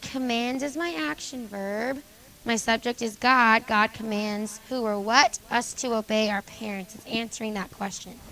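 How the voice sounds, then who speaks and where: Brisk woman teaching a class, gravelly. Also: fairly high pitch, fairly bright tone, slight background noise, low-quality recording. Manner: brisk, calls on students by name and confirms answers. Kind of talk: classroom grammar lesson. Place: school classroom.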